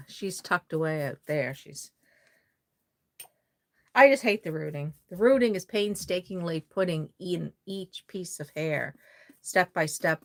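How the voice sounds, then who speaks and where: A woman's voice: fairly low pitch, gravelly. A woman from Nova Scotia, chatting casually on a live stream, rambling and reading out viewer comments as she works on a doll. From Nova Scotia, Canada.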